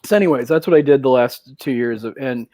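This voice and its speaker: Relaxed storytelling freelance writer. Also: male voice, mid-range voice, fast, no room sound. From Washington State, USA. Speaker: podcast co-host, freelance writer. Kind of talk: casual podcast chat.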